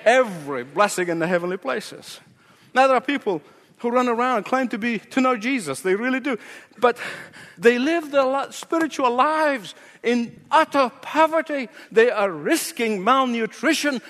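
A man's voice: very high voice, lively intonation, normal speed, fairly bright tone, long reverb tail. A male pastor preaching a sermon with an emphatic, repetitive cadence.

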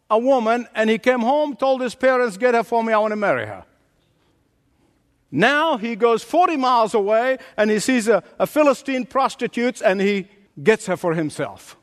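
A pastor delivers an emphatic sermon, stacking repeated phrases and building to points. His voice sits high for a man and leaps wildly up and down in pitch. The sound rings with the long reverb of a large sanctuary. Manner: emphatic preaching with dramatic pitch swings and repetition.

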